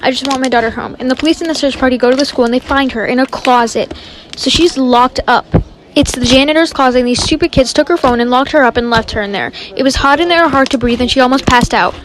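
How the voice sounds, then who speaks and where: Fast-talking young woman telling a story. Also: high-pitched, noisy background. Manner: chatty, dramatic retelling with quoted dialogue.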